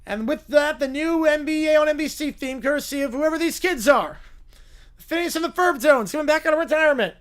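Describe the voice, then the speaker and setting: A man hosting a live stream who reads out stories and reacts with excitement and laughter. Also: very high voice, fairly quick. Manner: animated, laughing. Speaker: streamer host.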